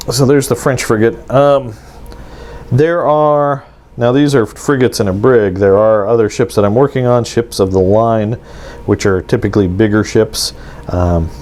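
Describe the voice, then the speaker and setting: A man with a low, dark, mellow voice hosts a casual hobby vlog, showing his models at a table. He rambles along with plenty of ums and false starts. A faint hiss of room noise sits under him. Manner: rambling, with many ums and restarts. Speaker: miniatures hobby channel host. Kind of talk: casual show-and-tell vlog.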